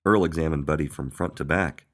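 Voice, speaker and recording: A man reading a children's picture book aloud in an expressive storytelling manner. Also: a bass voice, brisk. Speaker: storybook reader.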